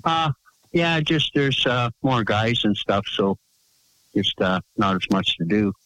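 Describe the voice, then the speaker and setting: A man calling into a late-night radio show, answering hesitantly with lots of fillers and short deadpan replies. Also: lowish voice, takes it slowly, dry recording, rough recording. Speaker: regular caller. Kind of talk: casual call-in chat.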